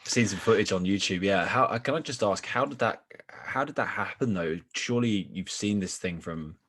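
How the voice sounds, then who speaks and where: Male podcast host, lowish voice, keen interrupter, repeats words mid-question. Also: normal speed, a bit bright, slight background noise. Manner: eager, repeats and restarts words while asking. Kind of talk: casual interview.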